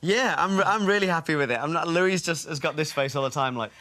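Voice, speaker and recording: Man guest, quick and teasing, mid-pitched voice. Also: pushed and bright, no room sound. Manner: teasing, laughing. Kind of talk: casual chat.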